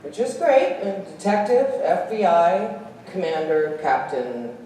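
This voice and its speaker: Animated woman on a convention panel, pitch jumps all over, laughs a lot, echoey hall, sounds far from the mic. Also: measured pace. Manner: animated, laughs often, acts out voices. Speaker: guest actress at a convention panel. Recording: echoey hall, distant, faint hiss.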